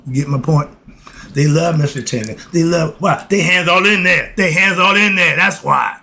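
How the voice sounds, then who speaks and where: Heated, preachy man with a fairly high voice. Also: moderate pace, creaky. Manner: streetwise, preachy, swings into heated loud rants; swears, laughs, apologizes and recollects himself. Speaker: self-styled philosophy teacher. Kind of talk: informal spoken lesson to viewers.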